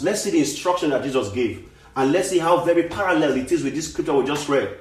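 Male preacher, earnest and repetitive, slightly high voice, echoey room. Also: lively intonation, fast talker, a little mellow. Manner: earnest, repetitive, restarts phrases for emphasis. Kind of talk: sermon.

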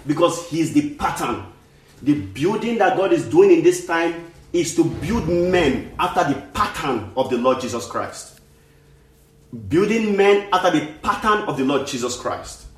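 Male preacher, earnest and repetitive, slightly high voice, echoey room. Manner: earnest, repetitive, restarts phrases for emphasis. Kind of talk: sermon.

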